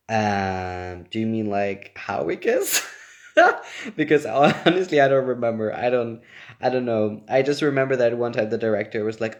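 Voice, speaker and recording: Speaking at a normal speed with lively intonation, a young actor with a fairly low voice takes fan questions on a livestream. A native German speaker, he reads comments aloud casually and laughs a lot.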